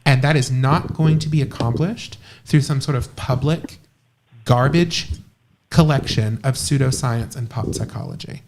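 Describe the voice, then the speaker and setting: A man's voice: mid-range voice, measured pace, a little mellow, a little hiss or hum. Passionate man preaching on a podcast. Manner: passionate and emphatic, declaiming. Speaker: co-host, witchcraft priest. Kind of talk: live podcast chat.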